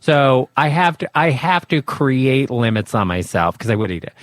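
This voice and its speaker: A man's voice: medium pitch, very animated, moderate pace, dry recording. Man, co-host, laid-back, casual banter, dry close mic. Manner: laid-back, short agreeing replies. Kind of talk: casual chat.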